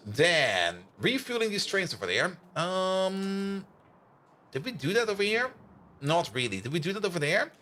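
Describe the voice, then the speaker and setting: Lively German-accented streamer, bright voice. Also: male voice, high-pitched. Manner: chatty, answers chat, hums and laughs while playing. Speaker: game streamer. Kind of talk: casual live-stream commentary.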